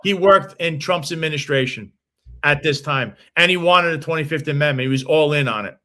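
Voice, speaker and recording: A man's voice: fairly high pitch, pushed and bright. A man with a New York accent hosting a casual political talk show, blunt and combative, tossing off insults. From New York City. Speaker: host.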